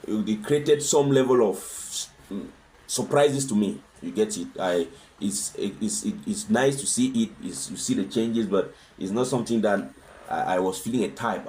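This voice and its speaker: A man's voice: low-pitched, a little mellow, a little hiss or hum. A man talking as a guest in a conversational interview, earnest and fond of rhetorical questions. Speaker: husband sharing his experience as a guest.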